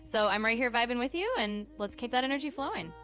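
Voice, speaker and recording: Bright, reassuring woman co-host. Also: a little high, lively intonation, fast talker, soft background music. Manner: smooth, reassuring, agreeable. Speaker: affirming co-host.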